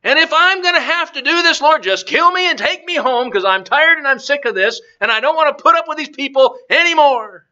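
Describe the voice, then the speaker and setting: A weary old male leader whines and pleads in exasperation, as a preacher puts him on. The voice is strikingly high and very bright. The recording sounds dull and lo-fi. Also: expressive, brisk, few pauses, exaggerated voice. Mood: whiny exasperated.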